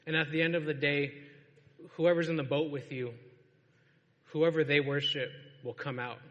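A man's voice: a little high, fairly even intonation, moderate pace, highs cut off. A man preaching a sermon to a congregation in a church, in a casual storytelling way and laughing often. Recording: long reverb of a large hall.

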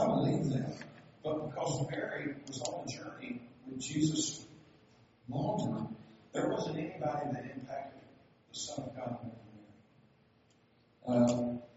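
A man preaching a sermon, telling stories and building to loud, emphatic passages. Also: fairly high pitch, a little hiss or hum. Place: church sanctuary. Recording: echoey hall, from far off, dull sound.

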